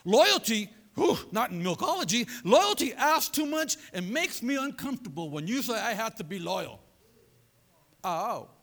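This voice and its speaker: A man preaching a sermon as pastor, animated and conversational, throwing asides to his congregation. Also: sits high, normal speed. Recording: long reverb of a large hall.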